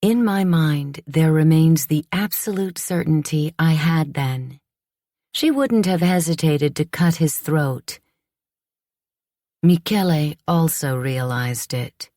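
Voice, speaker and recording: Low-voiced woman narrating an audiobook. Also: a little mellow, no room sound, studio quality. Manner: measured, reflective storytelling. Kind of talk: scripted first-person narration.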